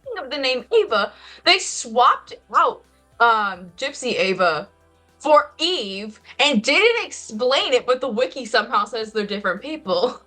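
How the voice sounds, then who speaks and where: Bright, lively woman making wry quips. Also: on the high side, unhurried, soft background music. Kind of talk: casual chat.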